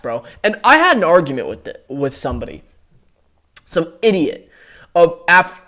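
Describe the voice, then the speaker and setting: A young man ranting about fighters in a heated, profane, exasperated way, as casual commentary. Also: a little high. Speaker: MMA commentary YouTuber.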